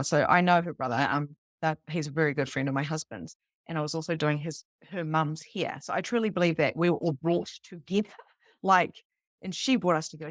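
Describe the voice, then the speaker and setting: Lively New woman, lowish voice. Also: no echo, clean studio sound. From New Zealand. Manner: animated, swearing freely, emphatic repetitions. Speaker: psychic medium teaching beginners. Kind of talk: casual storytelling talk to a live online group.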